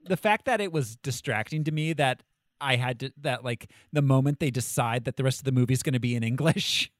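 A man co-hosting a casual movie review podcast, animated and quick to laugh. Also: medium pitch, dry recording, clean studio sound. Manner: animated, laughs often, jokey quotes. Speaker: podcast co-host.

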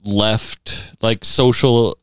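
A man's voice: fairly low pitch, steady tone, very slow, clear, resonant tone, dry recording, clean studio sound. A man hosting a casual interview, joking crudely and laughing often, in a house. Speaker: podcast host. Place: house, indoors.

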